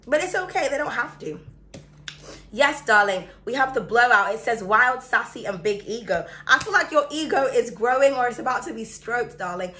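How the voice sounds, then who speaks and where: A woman giving a chatty, excitable tarot reading to her viewers, her throat sore and coughing now and then. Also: a little high, moderate pace. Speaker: tarot reader. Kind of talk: casual astrology reading to camera.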